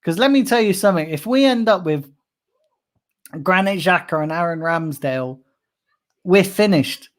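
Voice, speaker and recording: Furious sweary football fan ranting. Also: male voice, sits high, animated, moderate pace, pauses often. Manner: angry, sweary, sarcastic ranting. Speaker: football fan channel host. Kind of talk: live-streamed fan rant.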